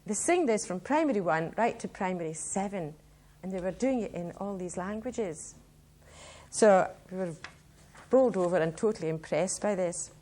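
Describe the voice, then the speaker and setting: A woman's voice: mid-range voice, lively intonation, moderate pace, mellow. Enthusiastic Scottish woman giving a talk. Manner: enthusiastic, chatty. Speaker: presenter at a language workshop. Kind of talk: public talk to an audience.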